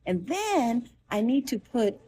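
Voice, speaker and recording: A woman recounts a frightening personal experience in a lively, emotional way. Her voice sits a little high and jumps higher when she acts out her own panic. She restarts phrases and switches between the voices of the people in her story. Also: takes it slowly, a little hiss or hum.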